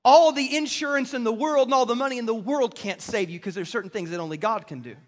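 A man preaching a sermon as pastor, emphatic and full of quick restarts, in a church. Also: very high voice. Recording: long reverb of a large hall.

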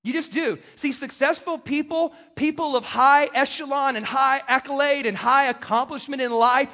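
A man preaching a sermon as pastor, emphatic and full of quick restarts, in a church. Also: extremely high pitch, fairly even intonation, sharp tone. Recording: long reverb of a large hall.

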